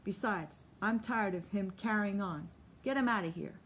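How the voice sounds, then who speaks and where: A woman voicing a sharp-tongued, bossy old grandmother who speaks dry and commanding. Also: medium pitch, moderate pace, slight background noise, lightly acted.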